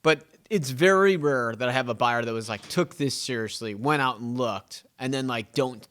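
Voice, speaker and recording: A medium-pitched man hosts a casual real estate podcast. He rambles and mocks himself, and he acts out back-and-forth dialogue with his clients in an animated way. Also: moderate pace, smooth.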